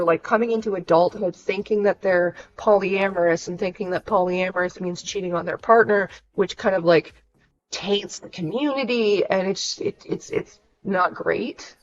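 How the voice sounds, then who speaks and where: A woman's voice: mid-range voice, muffled recording. A young woman, venting frankly and swearing freely on a casual livestream. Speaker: streamer.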